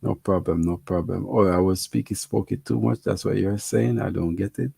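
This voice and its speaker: A man with a Jamaican accent hosts a casual livestream, reading comments and chatting with viewers, laughing and repeating himself. His low-pitched voice is gravelly, husky and dark, with a steady tone at a moderate pace. There's no echo.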